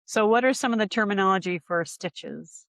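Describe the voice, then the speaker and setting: A woman's voice: medium pitch, normal speed, vocal fry, a bit bright, no echo. A woman hosting a podcast, asking curious, playful questions and laughing along with her guest. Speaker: podcast host. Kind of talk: casual interview chat.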